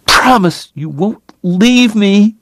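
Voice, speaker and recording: A man's voice: sits high, lively intonation, slow, fairly bright tone, dry recording, studio quality, voice pushed up, full character voice. A man voicing a tearful young woman who begs her dying lover not to leave her. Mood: pleading. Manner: begging, sobbing, bitter.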